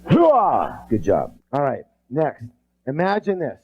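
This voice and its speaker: The dull lo-fi clip features a male leadership trainer at a live seminar who drills attendees with call-and-response. He rambles and restarts sentences often, in a slightly high, expressive voice at a measured pace.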